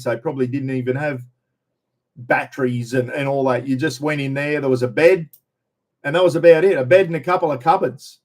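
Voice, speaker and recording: A middle-aged Australian man from Queensland hosts a livestream, chatting casually and answering viewer comments in a rambling, jokey, blokey way. His voice is on the high side with a darkish tone.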